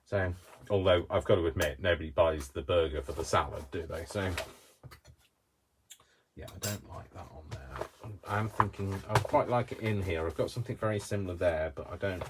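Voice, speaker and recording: A man's voice: low voice, moderate pace, noisy background. A man with a Coventry accent giving a casual crafting demonstration, chatty and rambling, talking to himself as he works at his desk. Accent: Coventry English. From Coventry, England. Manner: chatty, rambling, talks to himself while working. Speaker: craft tutorial host.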